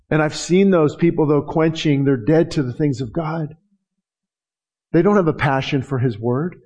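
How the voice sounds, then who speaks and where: A man's voice: high-pitched, normal speed, darkish tone. A middle-aged man preaching a passionate sermon as pastor, acting out prayers and quotes and often restarting his sentences.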